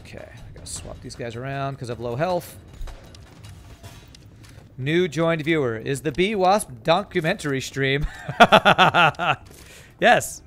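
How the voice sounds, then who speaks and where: A man of ordinary pitch talks through a live game stream in a loose, chatty way. He comments on each move and reads viewer messages aloud before answering them. Soft game music sits quietly behind his voice. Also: lively intonation, normal speed, long pauses.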